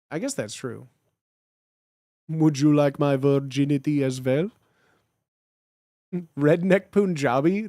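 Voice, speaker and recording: A man's voice: fairly high pitch, dry recording, studio quality. A young man in his twenties chatting casually and jokingly on a live stream, reading and answering chat. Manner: animated, jokey, slangy.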